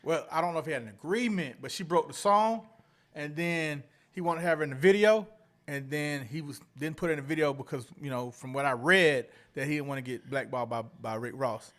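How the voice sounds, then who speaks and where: A man from Atlanta co-hosts a casual podcast, his voice a little high, a bit bright, and slightly fast. He recounts a news story with many hesitant "um"s and "I guess"es.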